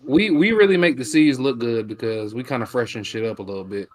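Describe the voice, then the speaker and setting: A man's voice: medium pitch, fairly quick. Slangy, laid-back American man. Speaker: co-host. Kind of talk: casual watch-along chat.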